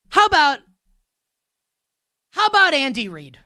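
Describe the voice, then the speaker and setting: A woman's voice: sits high, lively intonation, normal speed, pushed and bright, no room sound, studio quality. A woman hosting a sports show, ranting with heated sarcasm.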